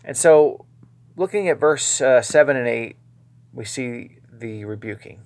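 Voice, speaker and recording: A man preaching a verse-by-verse Bible teaching, earnest, moving between quiet asides and emphatic, stressed lines. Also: medium pitch, unhurried.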